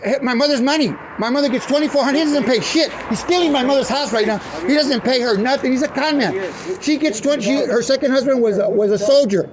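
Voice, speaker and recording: A man's voice: very high-pitched, quick pace, crowd noise. A man giving police a rambling, profane, agitated account of a family dispute. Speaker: family member speaking to police.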